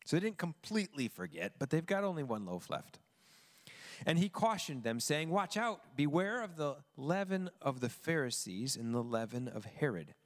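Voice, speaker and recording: A man preaching a sermon, expressive and emphatic, reading scripture and asking the listeners questions. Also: fairly high pitch, long reverb tail. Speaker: pastor.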